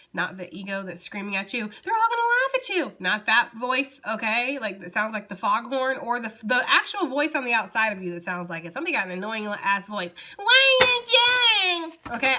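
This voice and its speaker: A woman's voice: medium pitch, bright, forceful tone. A young woman giving a casual, chatty tarot reading and talking straight to her viewers. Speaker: tarot reader.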